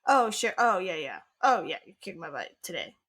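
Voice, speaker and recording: A woman's voice: lowish voice, very animated, moderate pace, a bit bright, slightly rough. A woman co-hosting a casual podcast chat, teasing and giggling between her lines. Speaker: podcast co-host.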